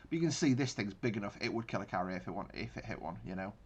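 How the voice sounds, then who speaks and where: A man's voice: fairly low pitch, lively intonation, very fast, background noise. A man giving casual gameplay commentary on a naval battle game, thinking aloud with frequent restarts. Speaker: gaming channel host.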